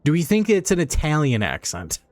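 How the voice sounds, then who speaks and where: A man's voice: on the high side, wildly swooping pitch, a little fast, darkish tone, dry recording, faint music behind. A man giving casual, rambling let's play commentary, laughing and swearing as he goes. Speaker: streamer.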